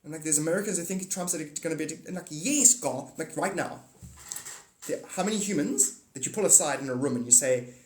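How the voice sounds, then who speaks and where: A man ranting casually on a livestream, rambling and profane, swinging from mutters to excited outbursts. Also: on the high side, fast talker. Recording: echoey room.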